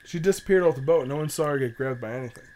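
A man's voice: medium pitch, racing, darkish tone. A man running a tabletop game as game master, narrating scenes casually and laughing at his own descriptions.

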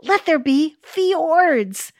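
A woman's voice: high voice, expressive, very slow, no room sound, clean studio sound, pitched above the performer's own voice, exaggerated voice. A woman voicing God the Father as a proud, playful dad showing off his creations, in a spoken sermon story.

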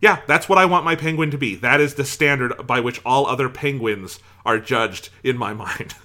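A man co-hosting a film podcast, talking in an animated, profane way with frequent restarts. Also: mid-range voice, normal speed. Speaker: podcast co-host. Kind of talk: casual film discussion.

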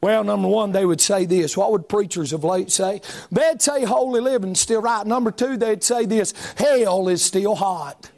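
High-pitched shouting preacher man. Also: normal speed, gravelly, few pauses. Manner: shouting, chanting cadence with many uh fillers. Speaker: pastor. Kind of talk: fiery revival sermon. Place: church sanctuary.

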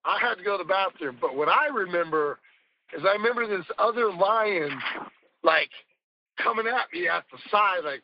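A man's voice: sits high, lively intonation, moderate pace, highs cut off, a little hiss or hum. A man speaking as a podcast guest, telling rambling, emphatic stories in casual conversation and swearing now and then.

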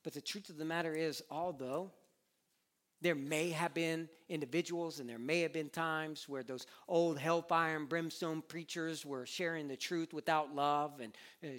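A man in his thirties preaching a sermon with passion, moving between hushed earnest stretches and fervent, near-shouted appeals. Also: a little high. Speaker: pastor.

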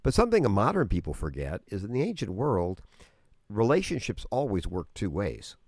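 A man's voice: fairly low pitch, huge pitch swings, fairly quick, a little mellow, dry recording, studio quality. A man teaching earnestly in conversation, explaining at length with frequent restarts. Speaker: guest teacher on prayer.

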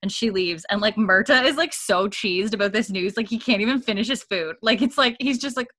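A woman's voice: medium pitch, brisk, fairly bright tone, dry recording, clean studio sound. A woman co-hosting a podcast, chattily retelling a television episode scene by scene, with lots of "like" and small laughs. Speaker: podcast co-host. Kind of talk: casual episode recap chat.

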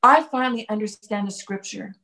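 A woman's voice: medium pitch, a little fast, bright, forceful tone. A woman co-hosting a faith podcast, speaking passionately and repeating key phrases for emphasis. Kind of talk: casual faith podcast discussion.

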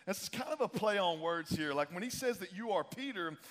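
A man preaching a lively sermon, casual and joking, calling on the crowd to answer back. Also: sits high, brisk. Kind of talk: lively sermon with call-and-response. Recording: long reverb of a large hall.

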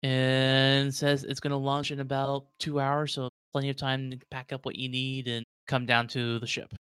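A man narrating as game master of a tabletop game, rambling and relaxed. His voice is smooth and clear at a middle pitch, heard dry and close with no room sound. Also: moderate pace, no room sound. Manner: rambling, many fillers and restarts.

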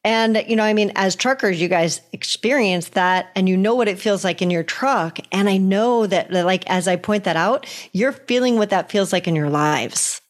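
A woman hosting a podcast conversation, enthusiastic and quick to praise, with exclamations. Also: mid-range voice.

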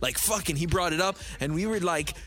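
A man telling a story in casual podcast chat, animated and profane, acting out the voices of the people in it. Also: high voice, fairly quick, crowd noise. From Canada. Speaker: guest storyteller.

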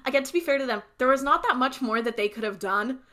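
A woman's voice: high-pitched, lively intonation, fast talker, sharp tone. A woman co-hosting a podcast, chatting casually with playful exaggeration and emphatic jokes. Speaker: podcast co-host. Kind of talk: casual chat.

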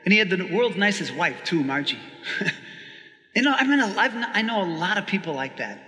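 Male priest, chatty homily style, high bright voice, long reverb on the recording. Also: normal speed. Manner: chatty and animated, laughing often, asking listeners "right?". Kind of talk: conversational sermon.

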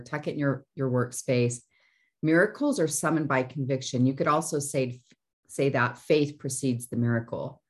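Woman, very low voice, earnest host, motivational talk, repeats "right?". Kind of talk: motivational teaching chat.

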